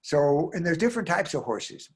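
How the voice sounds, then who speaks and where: A man from the American Southwest, a storyteller performing a tale aloud, speaking straight to his listeners and swinging from hushed lines to loud bursts. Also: fairly high pitch, big pitch swings, moderate pace, breathy edge. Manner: talks straight to listeners with frequent "right?".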